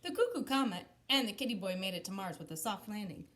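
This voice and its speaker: A woman teacher reading a picture book aloud to children, expressive, pausing to explain words. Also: mid-range voice.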